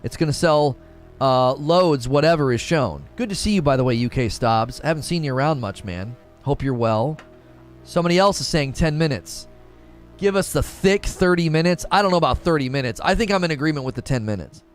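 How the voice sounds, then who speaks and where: An American man in his thirties hosts a casual live stream, reading chat aloud in a slightly high, expressive voice at a brisk pace. He laughs often and restarts his sentences, with faint music in the background.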